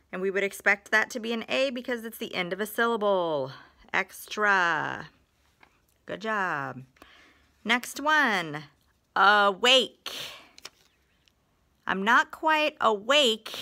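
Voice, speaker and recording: Slow, bright-voiced woman teaching phonics. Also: mid-range voice. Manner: patient, stretches out example words and sentences. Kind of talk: recorded phonics lesson.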